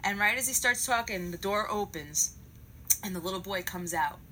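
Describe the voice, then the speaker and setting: A woman telling a comic story in a profane, animated way, acting out each part. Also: medium pitch, normal speed, slight background noise, poor audio.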